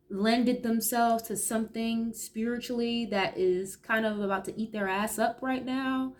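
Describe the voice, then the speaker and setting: A young woman doing a casual tarot reading, reacting aloud to each card with blunt, profane commentary. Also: fairly high pitch. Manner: blunt, swears freely, reacts aloud to the cards. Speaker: tarot reader.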